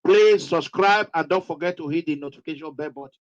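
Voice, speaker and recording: A man's voice: on the high side, quick pace, muffled recording. A man with a Nigerian English accent, hosting a live online talk show with dramatic, emphatic announcing. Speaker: host.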